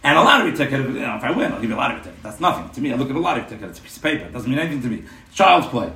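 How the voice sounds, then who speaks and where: A stingy rich older man, nervous and earnest as he presses his oldest friend, as a man puts him on in a story. The voice sits a little low and hushed. It is caught by a mic set back in a roomy space. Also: big pitch swings, rapid-fire, slight background noise. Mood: pleading. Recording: roomy room, mic at a distance.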